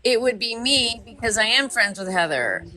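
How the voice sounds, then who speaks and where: A woman's voice: fairly high pitch, sing-song, normal speed, sharp tone. A woman hosting a casual group chat, gossiping and laughing often.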